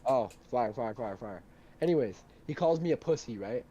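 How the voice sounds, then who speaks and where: A young man telling a heated story in casual chat, animated and swearing a lot. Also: mid-range voice, moderate pace, lo-fi sound, slight background noise.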